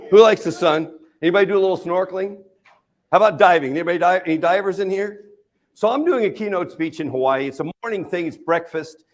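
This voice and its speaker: Male keynote speaker, slightly high voice, lively pitch, working the room with questions. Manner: animated, asks the audience questions, jokes. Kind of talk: storytelling talk to a live audience. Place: conference stage.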